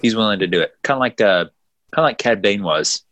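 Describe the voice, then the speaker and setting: A man's voice: on the low side, lively intonation, fast talker, fairly bright tone. A man co-hosting a podcast, chatting casually and often laughing as he acts out quotes. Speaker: podcast co-host. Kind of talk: casual chat.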